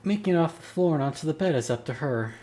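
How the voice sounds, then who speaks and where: A man's voice: on the high side, expressive, quick pace, mellow. Man wryly narrating a visual novel. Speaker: streamer. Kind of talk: reading a visual novel aloud.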